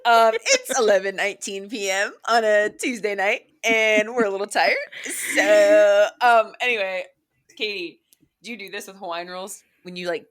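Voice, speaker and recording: A woman's voice: medium pitch, normal speed, fairly bright tone. A young woman co-hosting a podcast, ranting candidly in casual chat, full of "like" and swearing. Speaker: podcast co-host.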